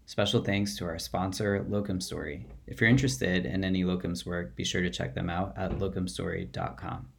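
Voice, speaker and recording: A man, the podcast host, reading a scripted introduction and sponsor note in a steady way. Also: deep voice, normal speed, creaky, hardly any pauses.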